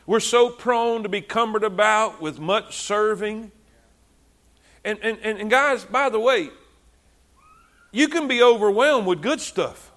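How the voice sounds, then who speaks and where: A man's voice: high voice, a little slow, pauses often, a bit bright. A male preacher giving a fervent, conversational sermon full of repetition, often stumbling over his words as he builds.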